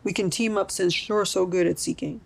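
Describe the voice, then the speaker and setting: A woman's voice: mid-range voice, fairly even intonation, moderate pace, gravelly. Woman voicing a friendly storybook dog. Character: friendly male dog, playful and kind.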